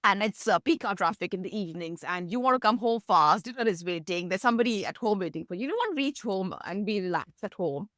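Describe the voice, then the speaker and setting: A woman, a meditation teacher, explaining mindfulness through gentle stories in an interview. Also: fast talker, hardly any pauses, no echo, clean studio sound. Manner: gentle storytelling, lively pitch, laughs softly.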